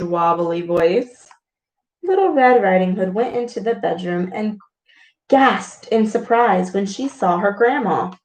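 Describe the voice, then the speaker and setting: A woman reading a storybook aloud to children, expressive and full of gasps and exclamations. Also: mid-range voice. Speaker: speech clinician reading to children. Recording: echoey room.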